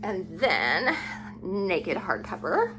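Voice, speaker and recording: A woman vlogger showing off a book haul, gushing and unhurried as she admires each book aloud. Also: lowish voice, wildly swooping pitch, background noise. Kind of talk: casual book haul show-and-tell.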